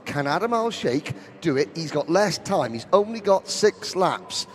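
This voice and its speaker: A male race commentator with a notably high voice. He jumps in quickly with excitable play-by-play calls. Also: slight background noise. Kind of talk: live motorsport commentary.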